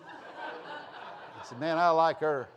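A middle-aged man preaching a sermon, telling stories and swinging from loud to hushed. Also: a little high, very slow, lo-fi sound, a little hiss or hum. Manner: folksy, animated storytelling with sudden loud and soft swings. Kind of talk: sermon with storytelling.

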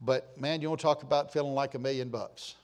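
A man preaching a folksy, joking sermon to his church, swinging between loud and quiet. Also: mid-range voice, steady tone, fast. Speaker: pastor.

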